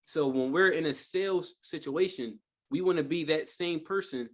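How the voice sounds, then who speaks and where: A man with a fairly high-pitched voice speaks at a normal speed while leading a live sales training for a group in a training room. The talk is casual and rambling, heavy on fillers and rhetorical "right?" checks.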